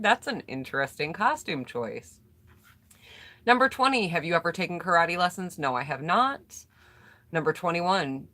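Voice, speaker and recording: A woman's voice: low-pitched, fairly bright tone. An American woman vlogger reading out tag questions and answering them in casual chat, greeting viewers by name, while getting over a cold. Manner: chatty, reads questions aloud then answers and greets viewers. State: recovering from a cold.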